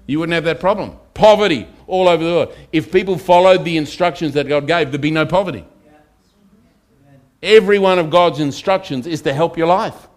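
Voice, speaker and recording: A pastor preaching a conversational sermon to his congregation and asking them for amens. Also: fairly high pitch. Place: church.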